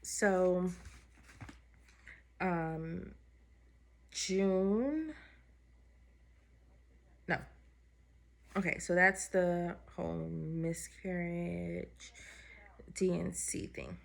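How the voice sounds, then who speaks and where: Woman vlogger, heartfelt and open, lowish voice with some vocal fry, telling her own story. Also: drawn-out words, long pauses. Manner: candid, heartfelt, conversational with fillers. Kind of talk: personal vlog story.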